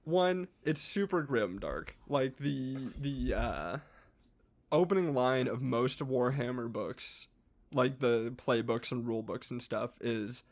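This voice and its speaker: A man, a podcast co-host, excitedly explaining his favorite hobby in a casual, rambling chat with frequent restarts. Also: medium pitch, slow pace.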